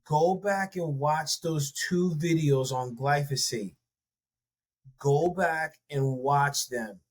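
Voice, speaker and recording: A man's voice: fairly high pitch, takes it slowly. A man co-hosting a podcast, talking loosely with many fillers and restarts. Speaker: podcast co-host. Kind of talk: casual podcast conversation.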